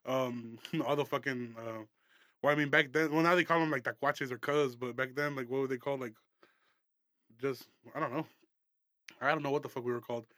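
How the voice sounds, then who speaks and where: A man's voice: mid-range voice, steady tone, brisk, pushed and bright, no echo, clean studio sound. A young man hosting a casual comedy podcast, rambling, profane and laughing often. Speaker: podcast host.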